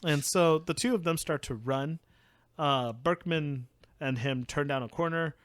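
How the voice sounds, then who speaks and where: A young man retells an anime episode in a relaxed podcast chat, chuckling as he goes and acting out snippets of the characters. His voice sits a little high. The sound is dry and close. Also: no echo. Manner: laughs often, acts out characters in quick bits. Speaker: podcast co-host. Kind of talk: casual anime recap chat.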